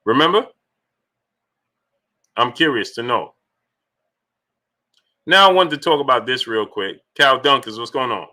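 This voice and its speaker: A man's voice: mid-range voice, moderate pace, long pauses, sharp tone. A man hosting a boxing livestream in casual chat, greeting viewers by name as he talks loosely.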